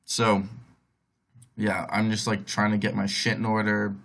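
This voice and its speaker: A young podcast host tells a long personal story in a casual, rambling way, leaning heavily on "like" and acting out others' voices. His voice is on the low side, completely flat and measured, with vocal fry and a slightly bright quality.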